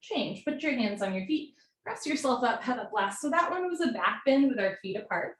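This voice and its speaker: A young woman teaching a live yoga class, giving brisk step-by-step cues and getting breathy as she does the poses along with the class. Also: a little high, expressive. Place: room at home, live video call. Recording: roomy sound from far off the mic, faint hiss.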